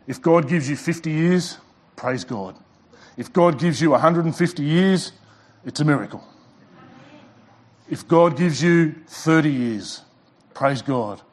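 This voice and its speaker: A middle-aged man preaching a sermon in church, emphatic, rising in pitch and volume when reading scripture and slowing down to stress key words. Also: a little mellow. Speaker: pastor. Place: church sanctuary.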